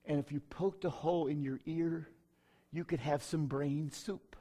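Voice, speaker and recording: A middle-aged man, preaching his own testimony in a folksy, emphatic way with sudden loud bursts. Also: a little high, fairly even intonation, measured pace. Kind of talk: sermon testimony.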